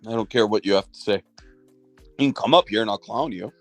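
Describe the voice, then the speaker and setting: A man's voice: lowish voice, animated, a little fast, vocal fry, faint music behind. A man hosting a casual livestream, talking bluntly and profanely as he scolds a rival. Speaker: livestream host.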